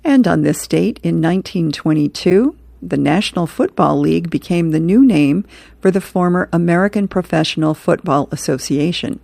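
Woman host, low gravelly voice, laughs between comic readings, dry booth sound. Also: moderate pace, mellow, no room sound. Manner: chuckles between items, reads comic strips aloud. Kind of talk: casual reading aloud.

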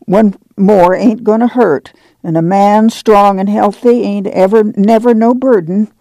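A woman reading aloud as a firm, strong-willed middle-aged farm mother with a slow rural drawl. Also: mid-range voice, steady tone, warm tone, no room sound, natural voice.

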